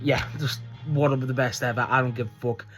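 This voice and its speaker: The host of a wrestling fan page, rambling casually and excitably, swearing freely and often restarting sentences. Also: mid-range voice, fairly quick, soft background music.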